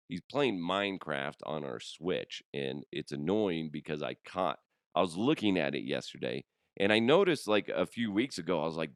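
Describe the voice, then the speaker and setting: A man hosts a casual comedy podcast, his voice rough from a cold. He swings all over in pitch and swears freely. The sound is close and dry. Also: normal speed, no room sound. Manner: animated, swearing, laughs a lot. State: hoarse from a cold. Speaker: podcast host.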